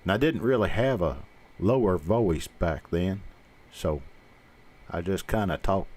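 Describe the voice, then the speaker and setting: A man's voice: low voice, animated, a little slow, darkish tone, husky. A man in his fifties from the American South with a faint Southern accent, hosting a live coin stream, blunt and rambling with self-mocking asides. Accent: mild Southern American. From Southern United States. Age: 50s. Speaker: host. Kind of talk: casual live-stream chat.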